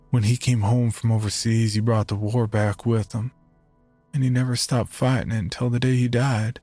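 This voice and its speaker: Low-voiced man narrating a horror story. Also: a little mellow. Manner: measured, reflective narration. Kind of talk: scripted first-person narration.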